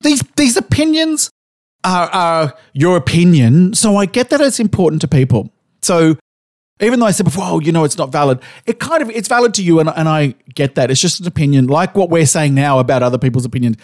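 Man, higher voice, very lively pitch, dry close sound, emphatic podcast co-host. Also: brisk, dry recording. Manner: emphatic, ranting, swears. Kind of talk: casual chat.

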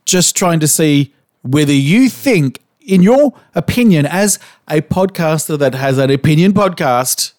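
A man's voice: a little high, darkish tone, no echo, clean studio sound. A man co-hosting a podcast, chatting casually and animatedly, asking probing questions and swearing now and then. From Australia. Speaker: podcast co-host. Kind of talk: casual chat.

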